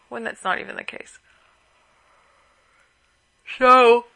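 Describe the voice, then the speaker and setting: A woman's voice: high voice, moderate pace, long pauses, sharp tone. A woman hosting a podcast at home late at night, sleepy and worn out, rambling casually through asides. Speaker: podcast host.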